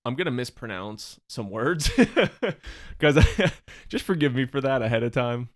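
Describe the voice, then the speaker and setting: A man hosting a podcast in casual chat, quick to laugh and joke. His voice sits at an ordinary middle pitch. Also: very animated. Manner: laughs often, jokey. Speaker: podcast host.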